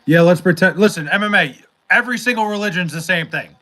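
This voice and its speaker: Young male streamer, bright and a bit high, loose rambling chat with swearing and filler words. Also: fast. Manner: rambling, profane, with many fillers and restarts. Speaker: livestream host reading chat. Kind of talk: casual livestream chat.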